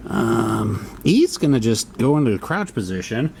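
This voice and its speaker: Reading rules aloud and reasoning through them, a man mutters his way through each turn of a solo board wargame. His medium-pitched voice has a sing-song lilt, a slightly slow pace, vocal fry and a little mellowness, over slight background noise.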